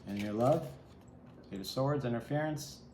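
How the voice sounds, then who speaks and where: A man's voice: mid-range voice, moderate pace, a little mellow. A man giving a solo tarot reading, musing and reflective, speaking straight to the viewer. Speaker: tarot reader. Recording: echoey room with faint ambient noise.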